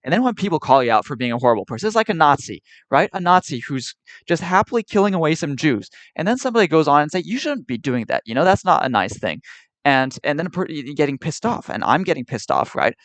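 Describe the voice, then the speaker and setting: A man's voice: fairly high pitch, big pitch swings, fast, a bit bright, no echo. Exasperated man ranting at his stream chat. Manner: exasperated, argumentative, repetitive. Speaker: livestreamer.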